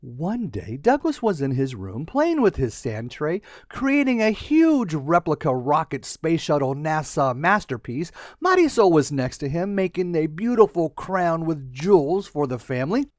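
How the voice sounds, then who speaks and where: Man, children's story narration, high lively voice, playful, dry close sound. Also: unhurried, hardly any pauses, dry recording.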